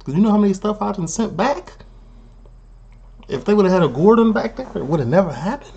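Husky Chicago guy reacting. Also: high voice, fairly quick, dull audio. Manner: animated, laughing asides. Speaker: reaction video host. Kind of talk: casual reaction commentary.

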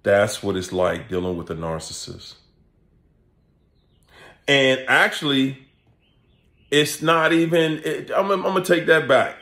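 A man, hosting a casual comedic vlog rant, laughing often and animated as he acts out quoted voices. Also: medium pitch, unhurried, pauses often. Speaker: channel host and coach. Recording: echoey room.

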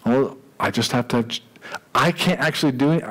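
A man preaching a sermon as pastor, in a conversational, animated way with jokey asides. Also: mid-range voice, fairly quick, poor audio.

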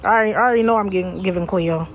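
A woman's voice: mid-range voice, fast, crowd noise. A woman livestreaming to her viewers in a casual rant, combative and profane, who repeats words as she restarts her sentences.

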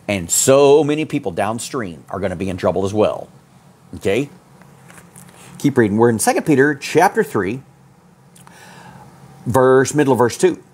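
Husky man preaching a fiery sermon. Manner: fiery preaching with sudden loud peaks and low asides. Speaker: pastor.

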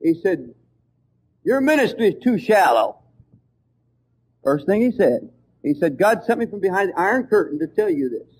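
Fervent high-voiced male preacher. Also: very animated, moderate pace, pauses often, darkish tone, slightly rough, low-quality recording. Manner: storytelling, fervent and emphatic. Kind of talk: sermon.

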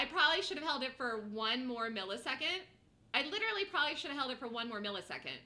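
A woman hosting a live day-trading show, giving rapid, repetitive play-by-play of her trades and gasping and squealing as prices move. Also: fairly high pitch, bright, forceful tone.

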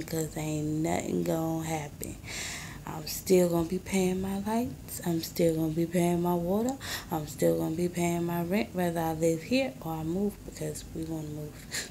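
A woman in her twenties rambling in a casual vlog at home in a small apartment, soft-spoken and often hushed, filmed on a handheld phone. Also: fairly low pitch, gravelly, slight background noise. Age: 20s. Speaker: vlogger and mother.

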